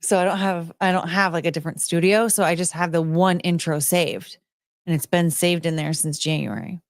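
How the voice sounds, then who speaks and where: A young woman rambles through a casual live stream, chatting loosely with her viewers. Her voice sits fairly low, and the sound is dry and close with no room around it. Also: fairly even intonation, brisk, dry recording. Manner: rambling, chatty, greets chat viewers by name. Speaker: livestream host.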